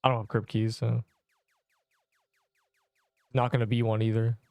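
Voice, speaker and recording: A man's voice: mid-range voice, monotone, unhurried, a little mellow, no echo, faint music behind. A man live-streaming a game, chatting playfully with viewers and joking at his own expense. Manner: playful and self-mocking, reacting to chat. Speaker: streamer playing an online game.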